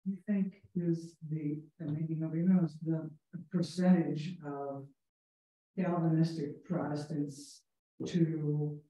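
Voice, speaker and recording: Man, halting question, dark mellow tone, faint and far off, heavy room echo. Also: on the high side, little pitch movement. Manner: hesitant, halting. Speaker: student asking a question. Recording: distant voice in a very echoey room.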